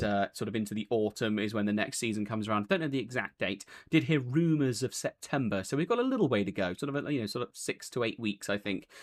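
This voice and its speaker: A man hosting a post-race interview, talking in a chatty, rambling way with lots of fillers and self-corrections. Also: mid-range voice. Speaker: race broadcast host.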